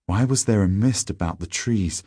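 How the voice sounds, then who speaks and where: A man reading a story aloud in a measured, deliberate audiobook narration. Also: fairly low pitch, mellow, husky, dry recording, studio quality.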